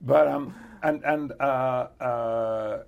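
Older man, British accent, creaky voice, halting speech, frequent chuckles, interview guest. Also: mid-range voice, steady tone. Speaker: actor guest. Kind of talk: casual interview chat.

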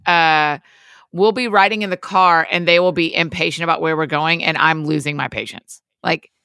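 A young woman in casual podcast chat, teasing and quick with short agreements. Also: sits low, steady tone, vocal fry, sharp tone, smooth, no echo. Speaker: podcast co-host.

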